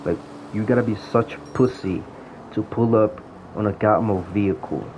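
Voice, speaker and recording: A man's voice: fairly low pitch, normal speed, a little mellow. A man ranting in a casual, profane storytelling way about old times in an online game. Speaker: gaming vlogger. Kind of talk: casual rant. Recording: dull lo-fi audio with faint noise.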